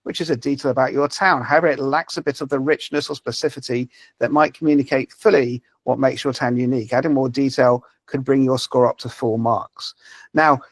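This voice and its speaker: A man's voice: mid-range voice, steady tone, a little fast, dry recording. Hesitant man giving a webinar demo. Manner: hesitant, many fillers and repeated words. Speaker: presenter demonstrating a language-learning app.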